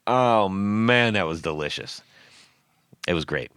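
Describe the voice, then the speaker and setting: A man hosting a casual podcast, telling trip stories in an animated way with frequent laughs. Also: deep voice, takes it slowly, smooth, no room sound, studio quality. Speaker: podcast host.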